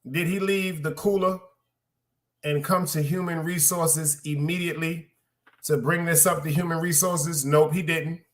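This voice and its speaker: A man ranting through a work story on his podcast, profane and animated, repeating lines for emphasis and calling out to his listeners. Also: on the high side, unhurried. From Brooklyn, New York. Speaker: podcast host. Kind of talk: casual storytelling rant.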